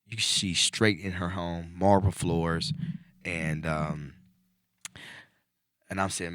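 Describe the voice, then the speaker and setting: A man hosting a podcast, telling a personal story in casual chat and getting animated as it builds. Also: deep voice, slow pace, long pauses, clean tone, dry recording, studio quality. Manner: animated storyteller, voice climbing when excited. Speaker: podcast host.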